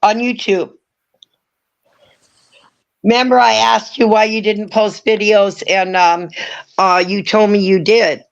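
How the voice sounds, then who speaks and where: A woman's voice: mid-range voice, steady tone, takes it slowly, creaky, long pauses. An older woman from Washington State, calling in and chatting easily, calling people honey. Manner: easygoing, calls people honey. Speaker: caller. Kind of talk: casual call-in chat. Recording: dull lo-fi line.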